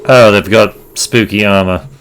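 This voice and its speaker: A man's voice: on the low side, steady tone, measured pace, fairly bright tone, slight background noise. A man hosting a let's play, muttering wry, casual commentary and reading game text aloud.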